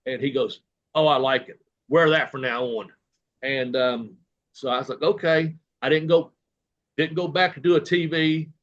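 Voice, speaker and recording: A man's voice: fairly high pitch, fairly even intonation, moderate pace, fairly bright tone, muffled recording. A man, a guest telling long, rambling stories full of quoted dialogue and fillers in a casual interview. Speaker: guest, retired professional wrestler.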